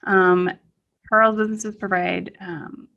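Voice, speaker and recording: A woman's voice: medium pitch, little pitch movement, slow, creaky, highs cut off. A woman hosting a podcast, chatty and upbeat, with many fillers between her questions. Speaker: podcast host, CPA.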